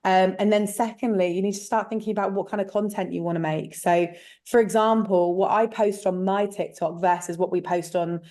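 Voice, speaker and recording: A woman's voice: mid-range voice, steady tone, fairly quick, darkish tone. A woman talking casually and frankly in an interview, telling stories with lots of fillers. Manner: chatty, frank storytelling with many fillers. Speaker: guest, letting agent.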